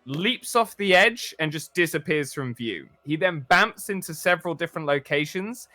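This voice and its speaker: A man's voice: a little high, expressive, normal speed, bright, forceful tone, no room sound, faint music behind. A man running a tabletop role-playing game as dungeon master, narrating scenes cinematically and laughing with his players over voice chat.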